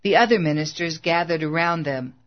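A narrator reading a biography in a steady, even way, mid-pitched and unhurried. The track is dull and lo-fi, as if from an old audiobook.

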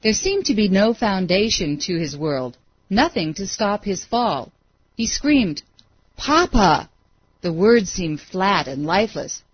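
A woman narrating a story as an audiobook, with steady, dramatic read-aloud pacing. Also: medium pitch, a little slow, husky, no room sound. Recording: dry, dull lo-fi recording.

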